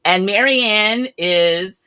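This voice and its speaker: Bright-voiced woman in her seventies. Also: mid-range voice, drawn-out words, clear, resonant tone, no echo. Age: 70s. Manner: chatty, candid, retells conversations with animated quoting. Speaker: livestream host. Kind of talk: casual storytelling chat.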